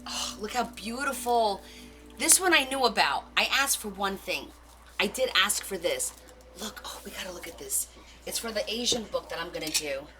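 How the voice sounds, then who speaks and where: A woman hosting a casual live craft stream, gushing and excitable as she opens gifts and reads notes aloud. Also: medium pitch, noisy background. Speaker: craft livestream host. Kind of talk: casual live unboxing chat.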